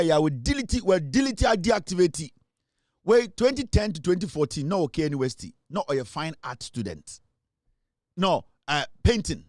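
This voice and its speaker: A man's voice: a little high, a little mellow, no room sound, clean studio sound. Scornful Ghanaian man ranting. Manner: scornful, mixes English with Twi. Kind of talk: angry social media rant.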